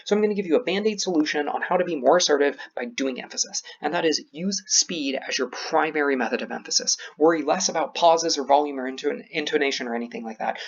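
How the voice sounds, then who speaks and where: A young man lectures on debate delivery, racing through his points in a raised, gravelly voice. He slows down on key words to stress them. The sound is slightly dull and lo-fi. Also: a little high. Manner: fast, emphasizes key words by slowing down. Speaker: debate coach.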